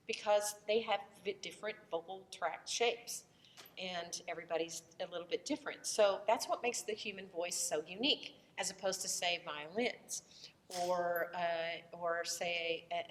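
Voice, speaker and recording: A woman's voice: lowish voice, in a large hall, a little hiss or hum. A woman voice teacher who has a cold, explaining the vocal tract in a loose, conversational lesson and breaking into short vowel demonstrations.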